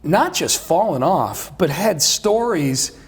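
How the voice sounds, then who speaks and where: Middle-aged male sports radio host, higher-pitched, chatty, rambling with restarts. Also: very animated, slow, husky. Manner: talkative, many restarts and fillers. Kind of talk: casual chat.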